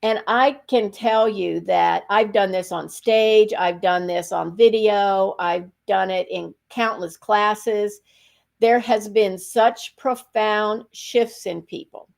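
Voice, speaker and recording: An older woman from rural Virginia, a spiritual teacher telling stories in an interview, lively with laughs and restarts. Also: mid-range voice, slow pace, gravelly. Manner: animated storytelling with laughs and restarts. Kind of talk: interview conversation.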